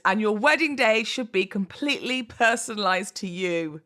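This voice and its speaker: A woman's voice: on the high side, lively intonation, normal speed, a bit bright. A woman hosting a casual solo podcast, chatty and oversharing, often laughing at herself and going off on asides. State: pregnant, baby kicking. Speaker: podcast host.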